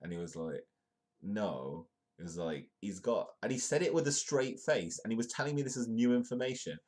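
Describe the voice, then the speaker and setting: A man's voice: medium pitch, expressive, quick pace, darkish tone. A man hosting a live comedic news stream, reading articles aloud and rambling through them with lots of ums and restarts.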